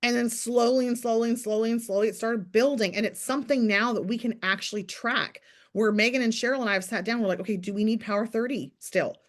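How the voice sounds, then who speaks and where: A woman with a fairly high voice leads a morning team call over a video link. She coaches in a chatty, direct way and keeps turning to her listeners. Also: steady tone, quick pace, few pauses. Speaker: team leader hosting a morning business call. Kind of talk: casual motivational talk.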